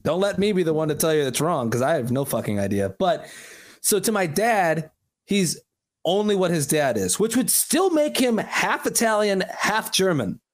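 A man's voice: high voice, very animated, moderate pace. A man co-hosting a podcast in casual chat, rambling and earnest with lots of restarts. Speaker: podcast co-host.

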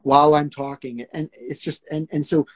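Acting coach, husky voice, earnest explainer, casual chat. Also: male voice, a little high, steady tone, normal speed. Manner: earnest, explains with acted-out examples. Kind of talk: casual live discussion.

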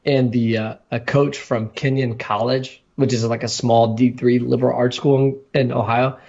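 A man's voice: mid-range voice, little pitch movement, normal speed, gravelly, a little mellow, slightly rough, highs cut off. A man casually telling stories about his college football recruiting, rambling with many restarts. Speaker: podcast co-host, former college football player. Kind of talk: casual podcast storytelling.

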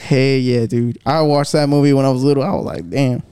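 A man's voice: medium pitch, steady tone, fairly quick, mellow, clear, resonant tone, dry recording. Slangy young man, dry close sound. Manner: slangy, mixes English and Spanish, swears a lot. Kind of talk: casual chat with friends.

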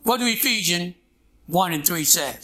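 A man's voice: high-pitched, lively intonation, normal speed, pushed and bright. A man preaching a sermon in a call-and-response style, prodding his congregation with "what?" and "huh?" and waiting for them to answer. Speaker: pastor.

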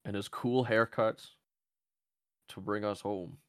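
A man's voice: lowish voice, steady tone, slow pace, fairly bright tone, clear, resonant tone, no echo, clean studio sound. A man doing a mock British wartime leader. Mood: rallying. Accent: poor British impression. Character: mock wartime British prime minister, male, rallying.

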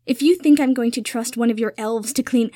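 A woman reading a story aloud, voicing a furious young woman who talks loudly and indignantly. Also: a little high, fairly quick, no room sound, natural voice. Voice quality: loud, indignant.

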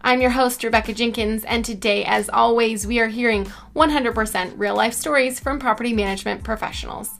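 Woman host doing a peppy scripted intro, a bit high, some vocal fry, faint music under it. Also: steady tone, fairly quick, few pauses, fairly bright tone. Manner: upbeat, announcer-like delivery. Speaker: podcast host. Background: faint background music.

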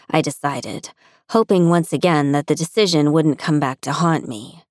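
A woman narrating a first-person audiobook in an intimate, even-paced storytelling manner, recorded close on a studio mic. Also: low-pitched, normal speed, no echo.

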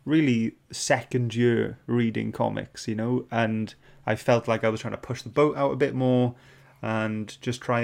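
Male host, chatty and jokey, reads viewer comments, mid-pitched voice. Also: vocal fry, a little mellow. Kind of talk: casual podcast chat.

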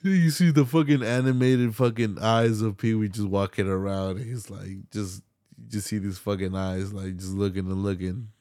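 A young man hosting a solo podcast, talking in a laid-back, slangy, heavily swearing way and getting animated when he retells movie scenes. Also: fairly low pitch, moderate pace, dry recording, studio quality. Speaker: podcast host. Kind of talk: casual solo podcast rant.

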